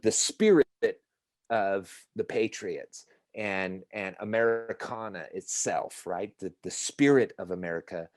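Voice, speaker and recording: A man's voice: lowish voice, a little slow, a little mellow, dry recording. Profane, ranting man on a podcast. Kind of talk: casual podcast chat.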